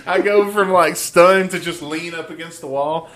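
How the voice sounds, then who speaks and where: Podcast co-host, male, slightly higher voice, foul-mouthed, animated storyteller, chewing gum. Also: normal speed, crowd noise. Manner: profane, laughing storyteller. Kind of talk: casual podcast chat.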